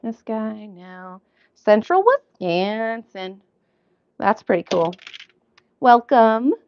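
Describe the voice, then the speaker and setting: Lively, excitable woman on a phone stream. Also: on the high side, very slow, highs cut off. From Minnesota. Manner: gushing, easily excited, chatty with asides. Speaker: livestream host. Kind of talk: casual live-stream chat.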